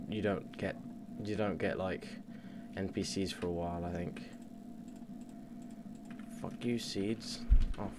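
A young man commentating on his game at home, muttering and swearing, with sudden loud yells. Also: lowish voice, background noise. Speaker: let's play gamer. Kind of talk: casual gameplay commentary. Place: home computer desk. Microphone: desk mic under the monitor.

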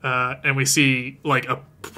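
Bright-voiced man recapping a cartoon. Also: mid-range voice, moderate pace. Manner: laughing often, animated retelling. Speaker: podcast host. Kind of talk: casual chat, episode recap.

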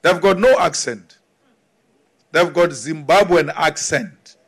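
A man's voice: fairly high pitch, takes it slowly, breathy edge. A man with a South African accent giving a political rally speech, defiant and emphatic, repeating his points. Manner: defiant, emphatic oratory with repetition. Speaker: political speaker.

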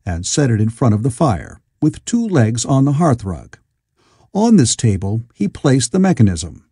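A male audiobook narrator reads in a measured, expressive way. His voice is mellow and slightly husky, with a lively pitch. The recording is dry and close. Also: no room sound. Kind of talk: scripted narration.

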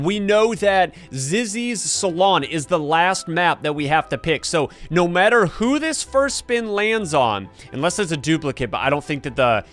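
Excitable young guy doing game commentary, high lively voice, laughs and yells a lot. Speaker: gaming YouTuber. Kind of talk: excited Roblox gameplay commentary.

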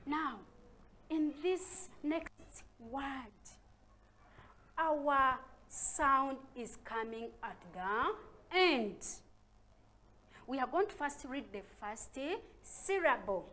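Slow, emphatic Ugandan teacher woman. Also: high voice, lively intonation. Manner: slow, sounds out syllables with loud stressed calls. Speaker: primary school teacher. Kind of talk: recorded reading lesson for young children.

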